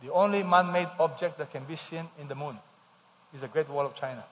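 A man's voice: a little high, brisk, a little hiss or hum. A man preaching a sermon, emphatic, repeating key phrases and leading the congregation in call-and-response. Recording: dull sound with long hall reverb.

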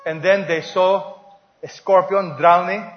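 A man's voice: high-pitched, steady tone, takes it slowly, highs cut off. A man preaching a sermon as pastor, asking the congregation questions and stretching out key words.

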